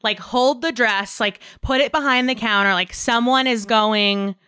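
A woman's voice: fairly high pitch, a little slow, sharp tone, smooth. A woman hosting a podcast, chatting casually, recapping the story and asking probing questions. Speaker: podcast host. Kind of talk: casual interview chat.

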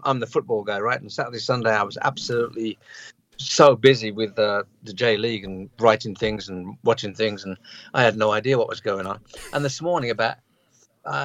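A male football correspondent calls in from abroad and tells his story in a chatty, animated way. His voice comes through a dull, slightly lo-fi remote line, dry with no room sound. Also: mid-range voice, no room sound. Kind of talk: casual radio interview.

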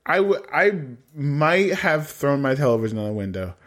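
A man's voice: a little high, big pitch swings, moderate pace, a bit bright. A man co-hosting a podcast, chatting casually and dramatically about a reality dating show, mock-exasperated and laughing often. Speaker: podcast co-host. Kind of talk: casual reality-TV recap chat.

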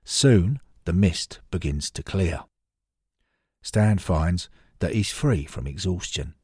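Deep-voiced man, husky, lively scripted storytelling, dry sound with faint music. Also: slow, dry recording. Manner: expressive, dramatic storytelling. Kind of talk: scripted narration.

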